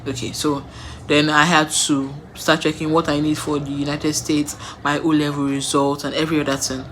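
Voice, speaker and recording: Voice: medium pitch, level tone, moderate pace, fairly bright tone, a little hiss or hum. A young adult with a Nigerian accent tells personal stories in a casual way, repeating words for emphasis and laughing between sentences. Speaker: vlogger.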